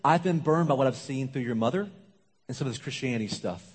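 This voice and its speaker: Suave older father, low-pitched and measured, voiced by a man, with husky edges and a long hall echo. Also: close to an everyday voice. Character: suave older immigrant father, calm and guarded. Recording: long reverb of a large hall.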